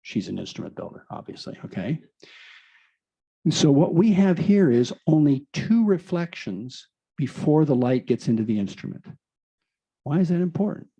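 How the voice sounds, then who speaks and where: A man's voice: mid-range voice, mellow, husky, dull audio. A man giving an enthusiastic explanatory presentation, explaining through rhetorical questions.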